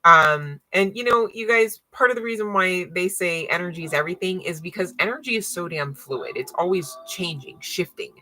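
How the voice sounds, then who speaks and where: Bright-voiced excitable woman tarot reader. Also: on the low side, moderate pace, few pauses, low-quality recording. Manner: excitable, laughing, thinks aloud. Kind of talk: live tarot reading.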